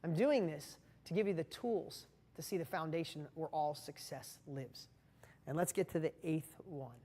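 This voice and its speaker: A man's voice: on the high side, normal speed, warm tone, in a large hall. A man giving an earnest, impassioned motivational talk, speaking straight to the viewer.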